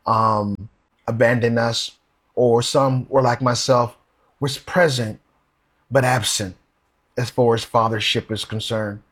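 A man preaching a sermon. He reads Bible verses aloud and asks his listeners questions. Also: medium pitch. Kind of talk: sermon with scripture reading.

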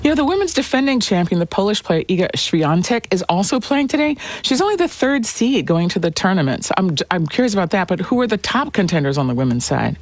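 A woman's voice: mid-range voice, very animated, fast talker, few pauses, dry recording. Conversational female radio news host. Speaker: morning news show host. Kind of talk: radio news presenting and interviewing.

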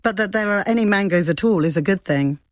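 A woman correspondent reading a scripted radio report in a measured, descriptive way. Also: mid-range voice, animated, no echo. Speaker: foreign correspondent.

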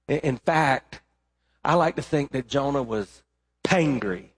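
In a church sanctuary, a male pastor preaches a sermon in an expressive, mid-range voice at a slightly slow pace, the large hall audible around him. He's emphatic, fills the message with rhetorical questions, and sometimes repeats words as he builds.

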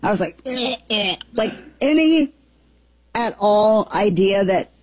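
Talk-show woman from Southern Missouri, forties, husky, dry studio sound, animated storyteller. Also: mid-range voice, measured pace, no echo. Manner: animated storyteller, laughs easily. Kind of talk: casual chat, storytelling.

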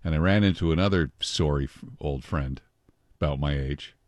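A man's voice: rumbling low, moderate pace, a little mellow, no room sound. A man hosting a morning radio show, chatting casually and reading the weather and headlines. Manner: chatty, rambling, reads weather and news aloud. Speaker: radio host.

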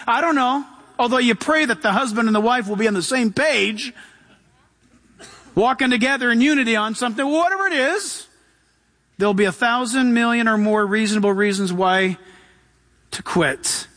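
High, bright-voiced emphatic preacher man. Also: normal speed. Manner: emphatic, keeps saying "listen"; acts out voices in his preaching. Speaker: pastor. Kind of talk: sermon.

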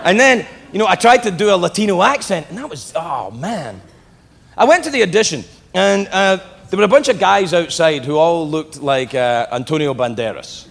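A male stand-up comedian telling stories on stage to a live audience, profane, animated and self-mocking. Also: high voice, normal speed, creaky. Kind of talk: stand-up storytelling. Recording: reverberant hall with loud crowd laughter.

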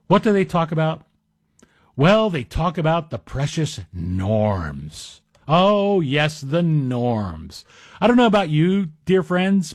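A man's voice: fairly high pitch, slightly rough, dry recording. A middle-aged man guest-hosting a talk radio show, delivering a chatty monologue with wry, self-deprecating asides. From Greek heritage. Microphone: studio microphone.

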